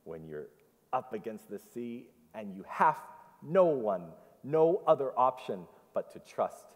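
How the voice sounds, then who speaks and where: With a medium-pitched voice, vocal fry, and big pitch swings, this man speaks a little slowly. He delivers an interactive sermon in a church sanctuary, echoing the congregation's answers and telling the story with animation, amid long church hall reverb.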